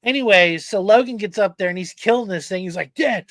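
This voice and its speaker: Here a male podcast host with a high voice talks a little fast, cursing plenty as he energetically recounts a story in casual conversation. The recording is dry.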